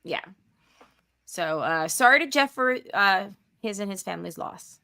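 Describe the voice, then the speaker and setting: A woman hosting a casual podcast with a bright, clear voice. She steers the conversation, reads out listener comments and thanks supporters in a relaxed, chatty way. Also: mid-range voice, measured pace. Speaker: podcast host.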